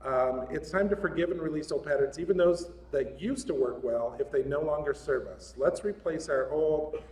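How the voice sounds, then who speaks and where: A man's voice: on the high side, normal speed, a little mellow. A man giving a casual, joking sermon at a spiritual center, chatty and often laughing. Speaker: guest speaker at a spiritual center. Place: large hall of a spiritual center. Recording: echoey hall, mic at a distance, faint room noise.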